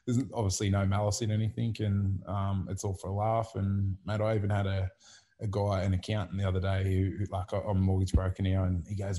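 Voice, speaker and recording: Australian man, 30s, ex-footy player; relaxed podcast chat, casual swearing, deep and fairly monotone. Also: brisk. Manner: laid-back, many fillers and restarts, swears casually. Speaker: retired rugby league player, interview guest.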